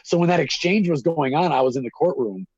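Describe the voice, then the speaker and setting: A man's voice: a little high, lively intonation, a little fast, a little mellow, breathy edge, no echo, dull audio. A man telling a long story in casual conversation. He rambles and swears freely.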